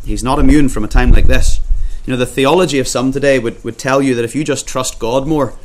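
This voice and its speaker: A man preaching an earnest expository sermon, often repeating words and slowing down when he quotes scripture. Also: medium pitch, fairly even intonation, a little hiss or hum. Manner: slows down when quoting scripture.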